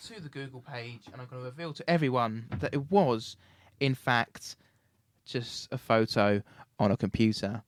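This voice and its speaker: A man hosting a relaxed radio show, chatting loosely and breaking into laughs. His voice sits at an ordinary middle pitch. The studio microphone gives a dry, close sound with no room echo. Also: moderate pace. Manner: chatty, laughs often, many ums. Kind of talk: casual chat on student radio.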